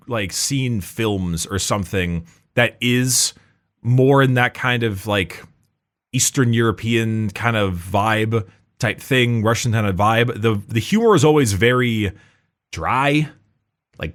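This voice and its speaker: A man's voice: mid-range voice, lively intonation, a little slow, a bit bright. A man in casual podcast chat, rambling with lots of fillers and restarts, laughing often. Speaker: podcast co-host.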